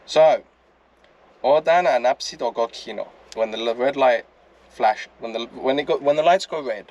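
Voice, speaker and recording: A man's voice: medium pitch, a little mellow. Casual, blunt, swearing man. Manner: casual and blunt, swears, halting when reading Greek aloud. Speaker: vlogger explaining traffic rules. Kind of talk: casual explainer chat.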